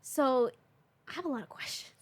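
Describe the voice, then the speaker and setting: Lady podcast cohost, slightly high voice, rambly and a bit sweary. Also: normal speed, slightly rough. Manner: rambling, questioning, swears freely. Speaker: podcast co-host. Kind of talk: casual podcast chat.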